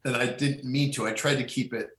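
Middle-aged male guest, rambling and halting delivery, echoey room. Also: mid-range voice, fairly even intonation, fairly bright tone. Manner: rambling, halting with many restarts and fillers. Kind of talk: casual conversation.

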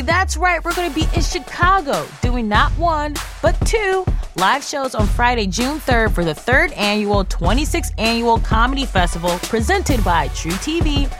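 A playful woman co-host reading podcast promos with a bouncy, very lively voice pitched a little high. Music plays clearly behind her as she jokes through the plugs. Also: normal speed. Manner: playful, bubbly, jokey. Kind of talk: comedy podcast chat and promo reads.

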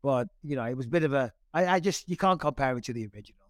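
A man's voice: mid-range voice, animated, rapid-fire, no room sound, studio quality. A man from Britain hosting a podcast, talking bluntly and enthusiastically with plenty of swearing. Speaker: podcast host. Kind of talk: casual chat.

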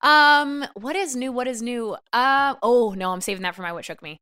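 A woman's voice: a little high, moderate pace, bright, forceful tone, smooth. A woman co-hosting a comedy podcast, chatty and upbeat with frequent giggles. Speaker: podcast co-host. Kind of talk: casual comedic banter.

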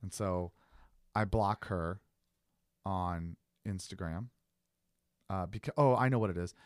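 Animated man telling a story, dry sound. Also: low-pitched, measured pace, clean tone, dry recording. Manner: animated storyteller, swears, acts out texts he received. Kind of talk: casual storytelling chat.

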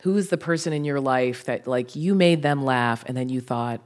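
A woman radio host interviewing a guest on a theater stage, asking measured questions and laughing along. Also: a bass voice, a little mellow. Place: theater stage before live audience.

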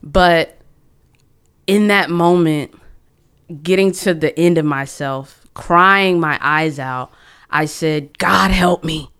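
A woman's voice: deep voice, slow pace, fairly bright tone, clear, resonant tone. A young woman sharing a personal testimony as a podcast guest, talking earnestly and emotionally, often stopping and restarting her sentences. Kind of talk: conversational testimony.

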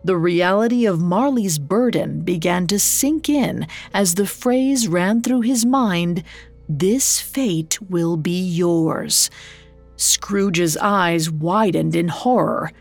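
A woman narrates a scripted storybook tale in a measured, dramatic manner. She speaks slowly, and her voice sits on the lower side. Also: no echo, faint music behind.

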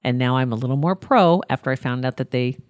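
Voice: medium pitch, fast talker, no room sound, clean studio sound. A podcast host from Nebraska, chatting casually and laughing often while reading listener mail. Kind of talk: casual chat.

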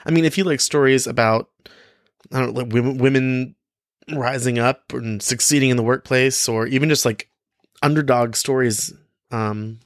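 A man's voice: mid-range voice, moderate pace, dry recording. A young man hosting his own podcast in a casual, cheeky, playful way, often laughing and using many fillers. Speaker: podcast host. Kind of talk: casual solo podcast talk.

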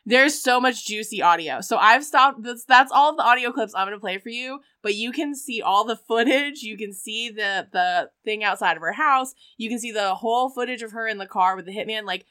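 A woman's voice: a little high, fairly quick, few pauses, smooth, no echo. A woman hosting a casual podcast, telling a story with frequent laughs and acted-out quotes. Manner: animated, laughs often, acts out quotes. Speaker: podcast host.

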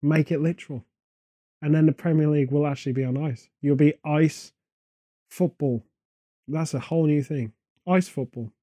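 A man co-hosting a comedy podcast, rambling through absurd deadpan tangents in casual chat. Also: fairly high pitch, normal speed, pauses often, no echo. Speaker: podcast co-host.

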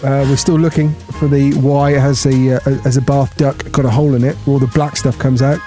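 A man's voice: medium pitch, flat delivery, a little fast, mellow, faint music behind. A man from the English Midlands co-hosting a casual chat show, teasing his partner and laughing easily. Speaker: podcast co-host.

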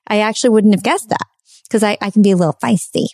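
A woman's voice: medium pitch, quick pace, darkish tone, dry recording, studio quality. Chatty woman telling a heartfelt story. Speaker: podcast host. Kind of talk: casual podcast conversation.

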